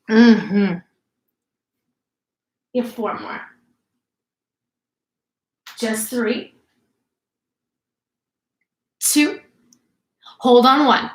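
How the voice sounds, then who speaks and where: A woman with a fairly high, fairly bright voice leads a workout class, cueing each move in an upbeat, encouraging way and sometimes sounding out of breath. She's indoors in a home workout space, and the distant mic picks up a roomy echo.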